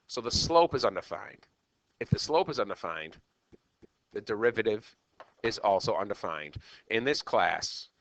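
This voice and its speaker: A man teaching a math lesson as a teacher, animated and checking in with "okay" again and again. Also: on the low side, no echo. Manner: animated, repeats "okay" often. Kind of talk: classroom lecture.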